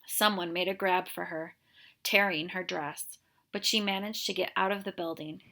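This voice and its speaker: A woman reading a novel aloud for her students, in a clear, steady storytelling voice. Her tone is bright, with a gravelly fry at the ends of phrases. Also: lowish voice, moderate pace. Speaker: reader, teacher.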